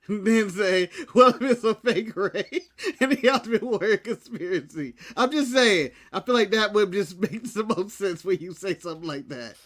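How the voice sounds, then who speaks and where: A man co-hosting a podcast who teases the others and breaks into giggles. His voice is very high and bright, with a tense edge. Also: expressive, normal speed, few pauses. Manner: joking, giggly teasing. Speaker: podcast co-host. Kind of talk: casual chat.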